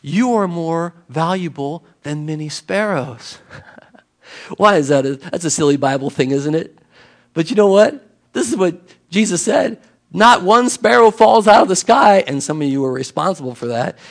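A man's voice: high-pitched, expressive, normal speed, vocal fry. A man preaching a sermon in an emphatic, conversational way, acting out little exchanges with people. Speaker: pastor.

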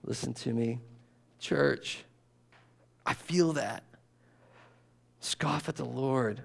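A man's voice: medium pitch, drawn-out words, vocal fry, long pauses. A man preaching a sermon in a conversational way, acting out grumbling voices and sighing as he goes. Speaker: pastor.

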